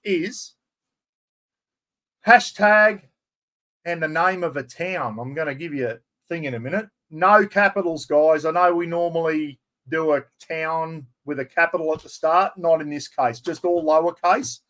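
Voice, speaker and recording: A man in his fifties with an Australian accent, excitedly hosting a chatty live stream giveaway and poking fun at himself. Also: on the high side, a little slow. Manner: excitable, chatty, self-mocking.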